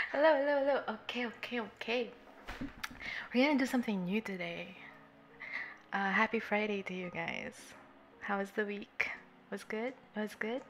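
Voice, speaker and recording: A woman livestreaming and chatting warmly with her viewers. She giggles often, sounds nervous, and is a little tipsy. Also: mid-range voice, measured pace, long pauses, a little hiss or hum. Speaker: streamer greeting chat. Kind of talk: casual livestream chat.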